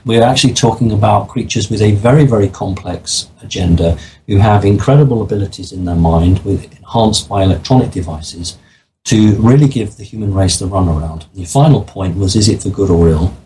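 A man's voice: on the low side, brisk, dark tone, a little hiss or hum, poor audio. A man talking as a guest in an interview, explaining his views in an earnest, matter-of-fact way. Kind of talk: interview conversation.

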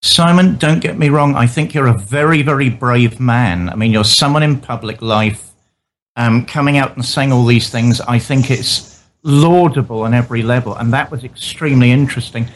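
A man interviewing a guest, asking polite, measured, probing questions. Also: mid-range voice, a little hiss or hum. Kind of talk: interview conversation.

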